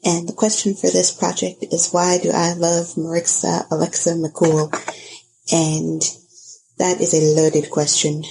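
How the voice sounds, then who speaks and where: A woman's voice: on the low side, flat delivery, gravelly, warm tone, slight background noise, rough recording. A woman podcast host recording an earnest, heartfelt message of praise for a friend. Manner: slow, earnest, thoughtful.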